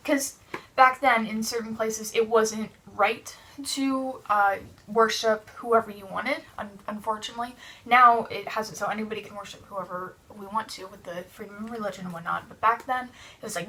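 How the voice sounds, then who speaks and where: Young woman doing kids church, bright lively voice, a bit far from the mic. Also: a little high, normal speed. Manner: lively, animated storytelling with restarts. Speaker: children's church teacher. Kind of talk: Bible story for kids.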